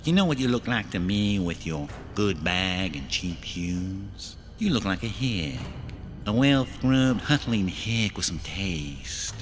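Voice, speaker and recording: A man's voice: low-pitched, big pitch swings, faint music behind, heavily acted. A man playing a sinister cultured killer doctor. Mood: menacing. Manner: slow, sinister, mocking. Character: menacing cultured male killer doctor on stage.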